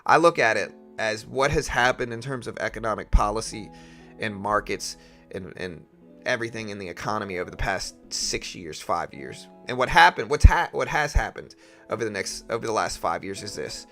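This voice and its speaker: A man's voice: lowish voice, lively intonation, normal speed, sharp tone, soft background music. A young man casually talking markets on a live trading stream, opinionated and chatty as he reads out chat messages.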